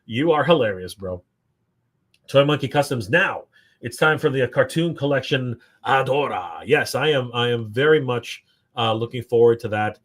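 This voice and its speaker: This livestream host is a man from Canada running a toy stream, where he reads out viewer comments and chats in a relaxed, upbeat manner with lots of fillers. He speaks at a moderate pace in an expressive, mid-range voice.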